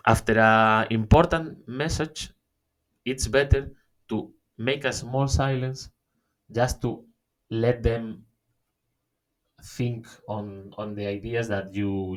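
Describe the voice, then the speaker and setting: Slow-talking man giving a webinar. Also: on the low side. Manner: halting, many fillers and restarts, says "okay?" often. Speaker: webinar presenter. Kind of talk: online workshop talk.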